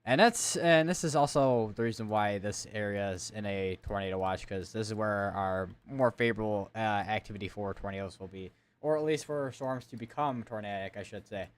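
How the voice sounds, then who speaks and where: Smooth-voiced man on a live weather stream. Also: lowish voice, moderate pace. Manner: casual, thinking aloud while clicking through weather maps. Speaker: severe weather stream host. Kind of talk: live weather coverage commentary.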